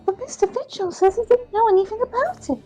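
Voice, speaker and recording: A woman voices a sly male prison governor in a put-on Scottish accent, reading game dialogue with a dry, wry, dialect-heavy manner. Her voice is very high-pitched, quick, a little mellow and pushed up, with faint music in the background.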